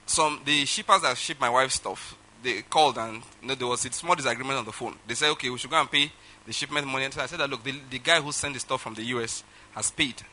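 A man with a Nigerian English accent preaching a sermon, telling a personal story with sudden swings between loud and soft delivery. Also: mid-range voice, fast talker, a little hiss or hum. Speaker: pastor.

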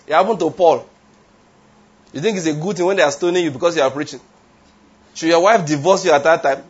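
A man's voice: a little high, quick pace, slightly rough. A man preaching a sermon, emphatic, asking the congregation rhetorical questions and drifting into tangents. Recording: dull lo-fi sound.

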